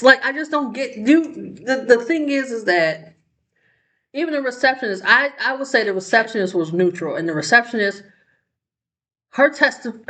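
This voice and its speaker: A woman's voice: mid-range voice, a bit bright. A woman talks through her own vlog in an easy, conversational way, as if speaking to a friend. She keeps asking rhetorical questions and leans on "like" and "you know" between thoughts. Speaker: vlog host. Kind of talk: casual commentary chat.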